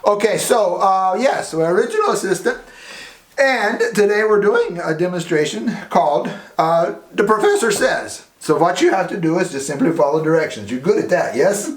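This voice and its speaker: A man hosting a playful children's science demonstration, teasing his assistant with big swings of pitch. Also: big pitch swings, moderate pace. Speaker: children's science show host. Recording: echoey room.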